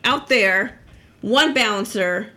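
A woman's voice: mid-range voice, very slow, sharp tone. A woman, a school teacher, telling a story in casual chat, laughing, swearing and acting out the quotes. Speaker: podcast guest, school teacher.

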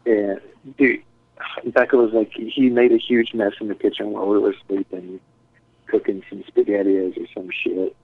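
Man, low voice, rambling swear-heavy anecdote over a thin phone-like line. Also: flat delivery, moderate pace. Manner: profane, rambling, acts out quotes. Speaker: storyteller. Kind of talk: casual storytelling. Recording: tinny phone-like dry sound.

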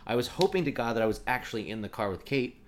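Talking fast at a medium pitch with big pitch swings, a middle-aged guest rambles through a long personal story. He says "like" constantly and keeps restarting, and there's faint background noise behind him.

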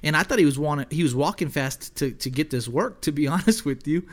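A young man co-hosting a casual podcast, his voice sitting a little high for a man. He tells stories in a loose, profane way and jumps into the voices of the people he quotes. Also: a little fast. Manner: profane, animated storyteller who acts out quotes. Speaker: podcast co-host. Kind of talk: casual storytelling chat.

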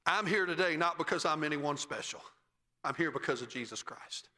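Brief: middle-aged pastor, tenor voice, very bright and cutting tone, rhythmic preaching cadence, echoing church hall. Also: male voice, moderate pace. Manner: preaching cadence, rising to shouts and dropping low at phrase ends. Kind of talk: sermon. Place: church sanctuary.

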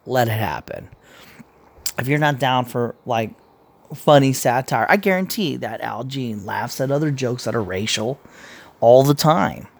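A man's voice: medium pitch, expressive, unhurried, gravelly. Blunt, profane man ranting casually. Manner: blunt and profane, rambling with repeated restarts. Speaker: commentator. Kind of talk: casual opinion rant.

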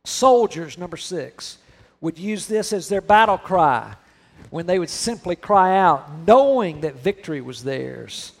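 High-voiced preaching pastor. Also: male voice, big pitch swings, vocal fry. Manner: conversational preaching with humor, drawn-out emphatic phrases. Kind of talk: sermon.

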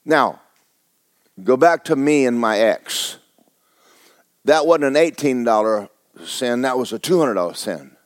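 A man's voice: mid-range voice, expressive, unhurried, pauses often, dry recording, studio quality. A man preaching a sermon as pastor, talking to his congregation with rhetorical questions. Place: church sanctuary.

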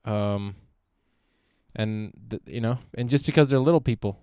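A man's voice: on the low side, normal speed, darkish tone, clean tone, no room sound, clean studio sound. A young man hosting a solo podcast, rambling and swearing freely, often trailing off and restarting. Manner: profane, meandering, self-interrupting. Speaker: podcast host.

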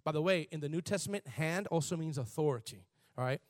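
A man preaching a sermon in an animated, conversational way, shifting from soft asides to shouts. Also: fairly high pitch, fast talker, dry recording, studio quality. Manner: conversational, laughs and repeats words. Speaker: pastor.

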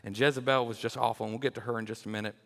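Young male children's minister preaching a jokey, animated sermon, mid pitch, hall reverb. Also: rapid-fire, gravelly. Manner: lively, jokey, often repeats words when restarting.

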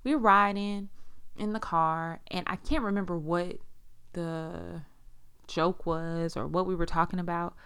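A woman in her forties, originally from Las Vegas, tells a personal story candidly and bluntly, swearing freely and acting out others' words with big pitch jumps. Her voice is steady, a little slow and a bit bright, with a clear, resonant tone.

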